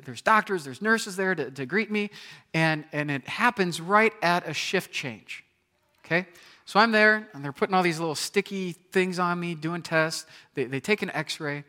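A pastor in his thirties preaches a sermon built around a personal story, telling it with animation and acting out scenes with sudden loud outbursts. His voice is high-pitched.

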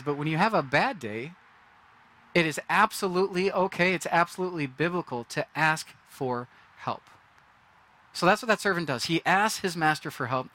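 Guy preaching a casual sermon, bright forceful voice, kinda high. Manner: conversational, acts out quoted reactions. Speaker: pastor.

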